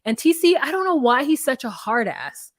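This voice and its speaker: A young woman co-hosts a podcast in casual, candid chat and swears freely as she recaps. Her voice sits on the high side. The sound is dry and close. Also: sing-song, moderate pace, dry recording. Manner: candid, profane, quotes people in voices. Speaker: podcast co-host.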